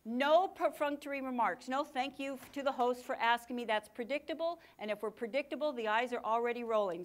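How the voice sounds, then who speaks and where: A woman giving a live workshop talk to an audience, with an energetic, punchy delivery and dramatic pauses. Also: on the high side. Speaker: communication speaker.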